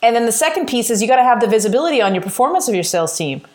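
A woman's voice: fairly high pitch, big pitch swings, very fast, darkish tone. A woman from Canada hosting a podcast, chatting in a direct manner with dry humor. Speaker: podcast host. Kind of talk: casual chat. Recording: roomy echo.

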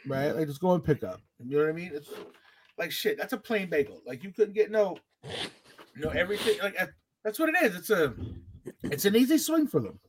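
A man's voice: sits high, big pitch swings, a little fast, slight background noise. A man telling childhood stories in casual podcast chat, loose and profane. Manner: loose, profane, laid-back storytelling.

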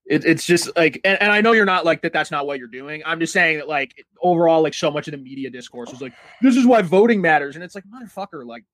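A man's voice: on the high side, fast talker, hardly any pauses, pushed and bright, no room sound. A man in casual political chat, heated and profane, leaning on lots of filler words.

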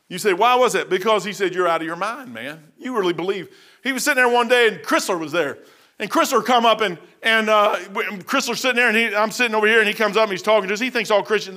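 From a church pulpit, a pastor with a high voice preaches a sermon, telling stories in a folksy way and often saying "man." He swings between loud outbursts and hushed asides.

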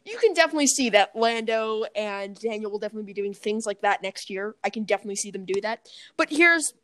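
A woman co-hosting a podcast in casual chat, chatty, often correcting herself, and quick to laugh. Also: medium pitch, expressive, fairly bright tone. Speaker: podcast co-host.

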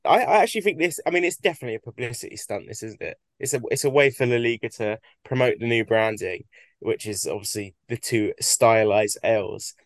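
A man's voice: medium pitch, brisk, no room sound. A British man co-hosting a podcast, easygoing and chatty. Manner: easygoing, laughs often. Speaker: podcast co-host. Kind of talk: casual chat.

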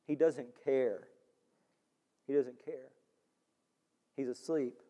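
A man preaching a sermon in an animated way, rising to near-shouts for emphasis. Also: medium pitch, takes it slowly, muffled recording. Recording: long hall reverb.

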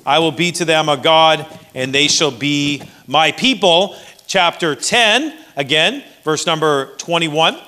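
A man's voice: a little high, slow, pushed and bright. A man with a Canadian accent preaching a sermon as pastor, conversational with dry jokes.

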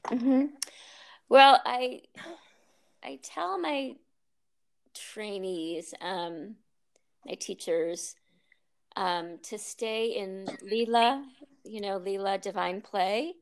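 Chatty woman with a gravelly voice. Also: medium pitch, extremely slow, long pauses. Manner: chatty storyteller, laughs often, many ums and restarts. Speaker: guest, yoga teacher. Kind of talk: casual interview conversation.

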